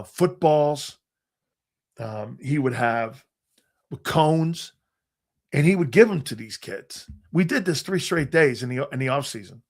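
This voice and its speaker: Middle-aged male sports talk host, gravelly voice, rambling animated storyteller. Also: mid-range voice. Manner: rambling, animated anecdotes with restarts. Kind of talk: casual storytelling.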